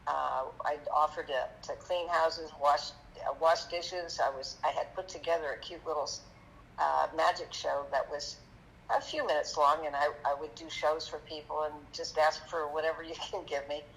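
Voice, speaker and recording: A woman guest on a podcast, telling her story in a halting, chatty way with many fillers, turning lively when she quotes people. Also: deep voice, vocal fry, slight background noise, poor audio. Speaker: magician guest. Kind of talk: conversational storytelling interview.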